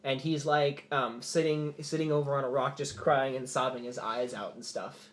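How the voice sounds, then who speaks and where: A man's voice: mid-range voice, steady tone, normal speed. A man narrating as game master in a loose, rambling way with many fillers.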